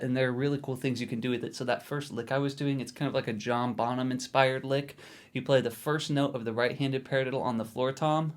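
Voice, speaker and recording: Casual male drum teacher explaining technique. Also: mid-range voice. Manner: casual, encouraging, repeats "okay?" to check in. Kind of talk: instructional video lesson.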